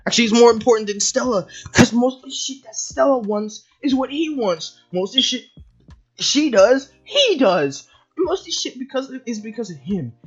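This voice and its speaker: High-voiced woman ranting in a profane fury. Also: lively intonation, moderate pace, slightly rough, muffled recording, soft background music. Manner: profane, shouting, exasperated. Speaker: video commentator. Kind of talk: angry review rant.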